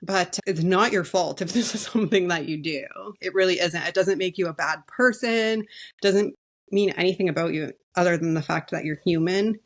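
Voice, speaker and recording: A woman's voice: fairly low pitch, moderate pace. A woman co-hosting a podcast in casual chat, with light laughs between her phrases. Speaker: podcast co-host.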